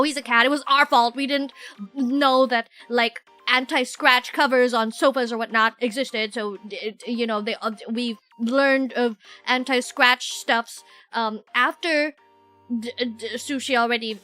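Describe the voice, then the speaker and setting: Fast-talking bright young woman streamer. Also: high-pitched. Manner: fast, rambling and animated, often self-interrupting. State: recovering from illness, voice sounds rough. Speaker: VTuber streamer. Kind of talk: casual chat with viewers.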